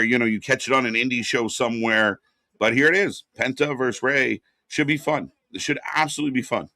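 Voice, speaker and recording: Co-hosting a live wrestling watch party, this man reacts and chats casually, rambling with fillers before erupting in loud, excited bursts. His voice is medium-pitched, and the recording is clean studio sound without echo.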